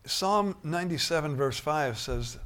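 A man preaching a sermon, shifting from quiet musing to loud, emphatic bursts. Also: on the high side, animated, measured pace.

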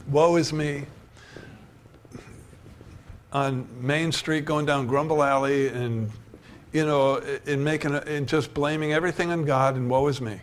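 A man's voice: a little high, a little hiss or hum. An older man preaching a sermon, telling stories and building to emphatic declarations. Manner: storytelling, rising to emphatic preaching.

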